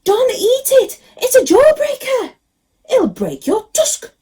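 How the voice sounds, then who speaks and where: A tiny, fretful mouse from a children's storybook squeaks his warnings in a high, piping voice, put on by a woman reading aloud. His pitch jumps far above a normal speaking voice. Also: wildly swooping pitch, takes it slowly, mellow, exaggerated voice. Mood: alarmed. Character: small squeaky male mouse sidekick, anxious.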